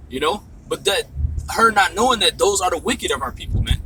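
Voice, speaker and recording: A man's voice: high voice, animated, brisk, bright, forceful tone, recorded from a distance, slight background noise, low-quality recording. A man in a casual discussion who reads passages aloud and halts often with fillers. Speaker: discussion participant.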